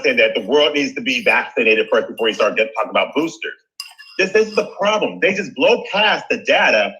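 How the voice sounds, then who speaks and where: An angry, indignant man calling in to a talk show, swearing often. His voice is bright and forceful. It comes through a dull, lo-fi line. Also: fairly high pitch. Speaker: caller.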